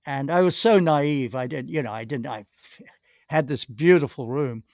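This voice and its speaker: A man's voice: mid-range voice, moderate pace, a little mellow, dry recording, clean studio sound. An older man, a podcast guest, telling long rambling anecdotes with many restarts and acted-out quotes. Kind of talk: anecdotal storytelling.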